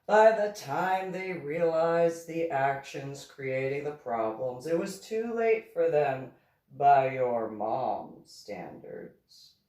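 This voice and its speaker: A woman, an author, reading her own novel aloud slowly and deliberately. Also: lively intonation, darkish tone. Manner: slow, deliberate reading with a wide pitch swing. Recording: echoey room, far from mic.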